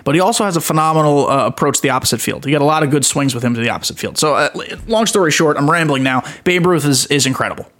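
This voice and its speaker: Talking very fast with hardly a pause, a young male host runs a casual gaming podcast in a somewhat high, slightly bright voice. He's eager and meandering, often making jokes at his own expense.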